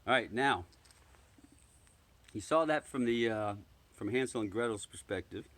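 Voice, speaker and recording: A man introducing and reading a children's storybook aloud in a relaxed, chatty way with filler words. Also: mid-range voice, unhurried.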